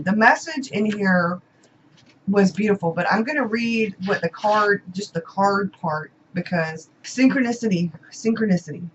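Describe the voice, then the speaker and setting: A woman's voice: mid-range voice, animated, a little slow, muffled recording, a little hiss or hum. A woman chatting casually in a home vlog, emotional and gushing, repeating her words. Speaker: vlogger. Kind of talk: casual unboxing chat. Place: home room.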